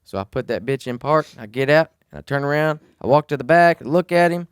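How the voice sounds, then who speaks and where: A man, co-hosting a podcast, telling a story in a casual, animated way and swearing freely. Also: on the high side, fairly quick, smooth, dry recording, studio quality. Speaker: podcast co-host.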